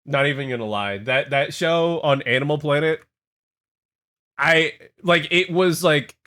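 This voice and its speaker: Rambling, animated young male streamer. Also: a little high, a little slow. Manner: rambling, animated, jokey reactions to chat. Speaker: live streamer. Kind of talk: casual stream chat.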